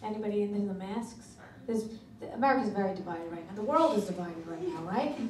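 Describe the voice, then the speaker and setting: A middle-aged woman doing a stand-up comedy routine, delivering brash, deadpan one-liners in a comedy club. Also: mid-range voice, fairly quick. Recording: echoey club from far off with noise.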